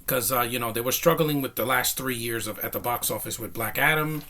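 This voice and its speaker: A man's voice: medium pitch, brisk, bright, forceful tone. A young man giving a casual, rambling movie review, enthusiastic and a bit out of breath, with lots of fillers and restarts. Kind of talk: casual spoken film review.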